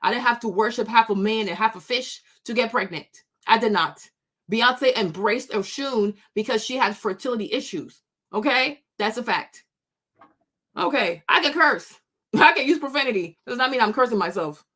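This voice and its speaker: A woman's voice: fairly high pitch, normal speed, bright, forceful tone. A woman hosting her own commentary channel, scolding and mocking critics in a sassy, unscripted rant full of laughter.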